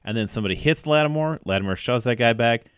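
A man co-hosting a casual sports podcast, giving blunt, quick, opinionated football analysis. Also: mid-range voice, animated, clear, resonant tone, no room sound, clean studio sound. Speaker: podcast co-host.

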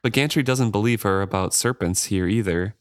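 This is a man with a lowish voice co-hosting a book discussion. He muses and thinks aloud in casual talk, often hedging as he goes. The sound is close and dry. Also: brisk, no echo. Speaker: book podcast co-host. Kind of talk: casual chat.

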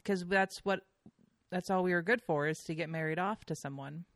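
Low-voiced woman telling rambling stories. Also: normal speed, no echo, studio quality. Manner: chatty storyteller with frequent fillers and swearing. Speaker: podcast guest. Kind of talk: casual chat.

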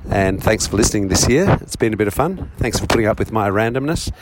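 Rambling low-voiced Australian man. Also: lively intonation, quick pace, very noisy. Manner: rambling, chatty, self-deprecating. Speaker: podcast roving reporter. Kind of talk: casual field report. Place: outdoors then a cafe.

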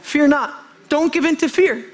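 Male preacher, unusually high pitch, fervent sermon delivery with repeats and restarts. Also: moderate pace. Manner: fervent, calls for amens, repeats phrases, stumbles and restarts. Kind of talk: impassioned sermon.

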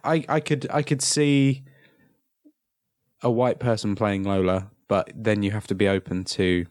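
A man with a very low voice chats casually on a podcast. He talks haltingly, full of "uh"s and restarts. The sound is close and dry. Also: steady tone, a little mellow, no room sound. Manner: hesitant, many "uh"s and restarts. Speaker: podcast co-host. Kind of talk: casual chat.

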